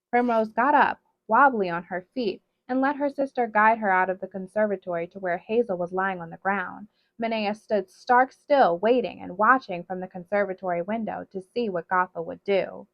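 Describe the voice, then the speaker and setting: A woman reading a novel aloud in steady, dramatic narration, on a dull, dry recording. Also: mid-range voice, normal speed, no room sound. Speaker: storybook reader.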